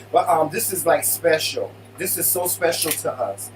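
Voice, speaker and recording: A man co-hosting a casual live stream from his living room, greeting viewers in an animated, playful way. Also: a little high, normal speed, hardly any pauses, distant mic, background noise. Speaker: co-host of a live stream show.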